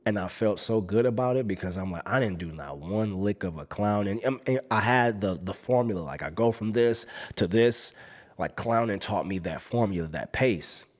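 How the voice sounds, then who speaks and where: A man telling a story about his past, acting out what he and others said with sudden jumps in his voice, laughing now and then. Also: normal speed. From Los Angeles. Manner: acts out his own past lines with big jumps in pitch and volume; laughs between lines, slangy. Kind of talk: animated personal storytelling.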